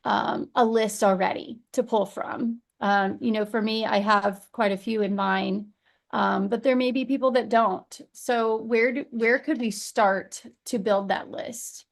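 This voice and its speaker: A woman with a Southern American accent hosts a virtual summit, asking rambling questions in a chatty way. Her voice sits a little high. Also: fairly even intonation, unhurried, vocal fry. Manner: chatty, many fillers, laughs easily. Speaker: summit host. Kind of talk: casual chat.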